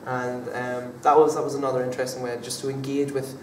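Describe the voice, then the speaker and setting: Young male drama student for an interview, flat and halting delivery, recorded at a distance in an echoey room. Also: mid-range voice. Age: young adult. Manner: hesitant, many fillers and restarts. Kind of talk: casual interview answers. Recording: echoey room from far off, faint background noise.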